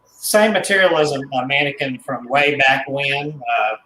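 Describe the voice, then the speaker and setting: A man being interviewed as a guest, speaking in a mid-pitched voice and stopping often to correct himself. His voice rings around an echoey room. A faint hum sits underneath. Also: normal speed, sharp tone. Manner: hesitant, many fillers and self-corrections. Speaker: guest, doll collector. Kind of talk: casual interview.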